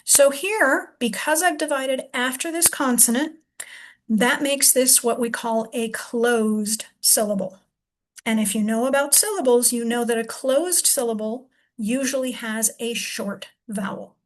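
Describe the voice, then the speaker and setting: A woman's voice: on the high side, unhurried. A woman reading teacher thinking aloud as she shows how to split a long word into syllables and sound out each one. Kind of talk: demonstration lesson.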